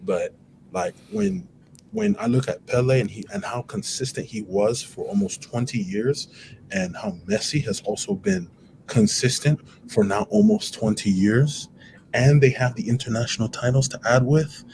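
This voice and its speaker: A man's voice: medium pitch, big pitch swings, normal speed, creaky, noisy background. A man on a casual football panel, talking emphatically and repeating phrases. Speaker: panel guest.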